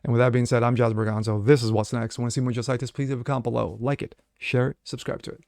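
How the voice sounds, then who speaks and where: Male host, solo commentary; sarcastic, filler-heavy delivery, gravelly voice, close and dry. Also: mid-range voice, little pitch movement, rapid-fire, a little mellow, no room sound. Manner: blunt, sarcastic, many fillers. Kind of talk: solo commentary reading news and opining.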